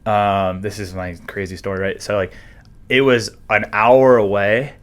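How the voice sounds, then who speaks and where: A young adult man, a real estate agent, telling stories about his work in a relaxed, self-deprecating way. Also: lowish voice, measured pace. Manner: self-deprecating, laid-back storyteller. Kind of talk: casual interview chat.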